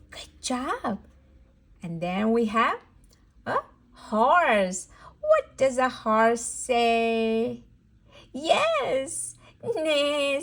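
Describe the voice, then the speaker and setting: A young woman reading a picture book aloud to a toddler in a sing-song, encouraging, slow and exaggerated way. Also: on the high side, a bit bright. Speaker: children's book reader.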